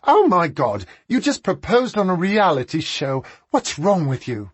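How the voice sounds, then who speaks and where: A man voicing a haughty, exasperated aristocratic woman who scolds her brother in a high, indignant tone. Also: expressive, moderate pace, breathy edge, no echo.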